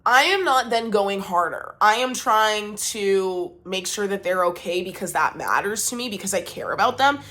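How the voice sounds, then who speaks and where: A woman's voice: mid-range voice, animated, normal speed, few pauses, sharp tone. A woman vlogger talking casually to her viewers, emphatic and exasperated as she vents. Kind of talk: casual talk to camera.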